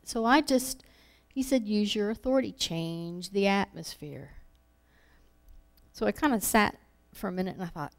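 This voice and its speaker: A woman's voice: mid-range voice, moderate pace, gravelly. A woman giving an informal sermon, telling personal stories in a conversational way with laughs, acting out her own thoughts. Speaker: preacher.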